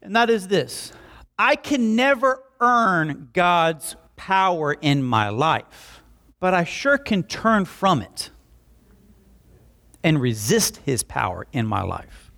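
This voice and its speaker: A man's voice: high-pitched, slow, creaky. A young man preaching a sermon, telling jokey stories and acting out quotes as he goes. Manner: animated, jokey storytelling with acted-out quotes. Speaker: pastor.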